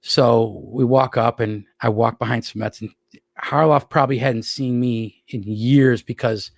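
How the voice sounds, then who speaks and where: Speaking a little slowly with a steady tone, this man has a creaky, mid-range voice and there's no echo. He's a podcast guest from Rochester, New York, casually telling long, profane stories and voicing the people he quotes.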